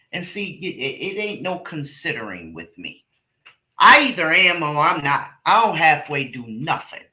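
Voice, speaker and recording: A woman's voice: low voice, pushed and bright. A middle-aged woman hosting a casual live stream, talking bluntly and emphatically to her viewers, often repeating herself and swearing. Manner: talks directly to chat viewers by name. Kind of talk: casual livestream chat with viewers.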